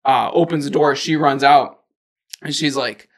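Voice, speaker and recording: A man on a podcast talks through a movie plot in a loose, rambling way. He leans hard on fillers as he goes, and his voice has a gravelly edge. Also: mid-range voice, steady tone, measured pace. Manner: rambling storyteller, many fillers like "like" and "or whatever". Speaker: podcast co-host. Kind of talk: casual chat, retelling a movie plot.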